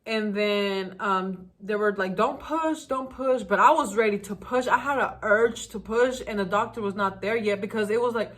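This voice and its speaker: A young woman vlogger telling a personal story in a candid, animated way. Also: mid-range voice, normal speed, hardly any pauses. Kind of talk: story time vlog.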